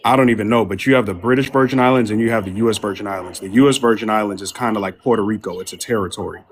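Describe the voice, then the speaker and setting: A man's voice: on the low side, rapid-fire. A man co-hosting a heated live panel debate on an online call, grilling and cutting off a caller. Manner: combative, interrogating. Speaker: panel co-host.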